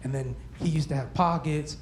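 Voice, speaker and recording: A man's voice: on the high side, steady tone, normal speed. A man doing a stand-up comedy set in a club, talking casually and crudely as he teases the crowd. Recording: echoey club room with crowd noise.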